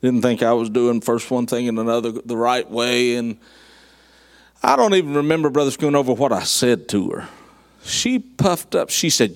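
A man's voice: mid-range voice, lively intonation, normal speed. A middle-aged man, preaching a sermon in a folksy, storytelling way with dry humor. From southern United States. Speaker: guest preacher.

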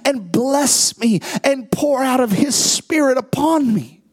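A pastor preaching a sermon with impassioned rhetorical questions, swinging between hushed asides and shouted peaks. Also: high voice, expressive, slow.

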